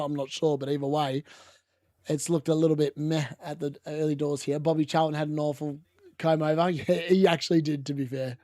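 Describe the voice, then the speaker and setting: A man's voice: on the high side, mellow, no room sound, clean studio sound. A young adult man with an Australian accent, hosting a casual live football watchalong and reacting to the chat. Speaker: watchalong host.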